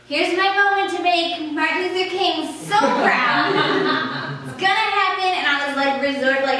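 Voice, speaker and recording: High-voiced young woman telling a story, echoey room. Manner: laughing, self-mocking, animated. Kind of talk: live story slam monologue. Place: small event space before a live audience. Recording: very echoey room, mic far off, faint noise.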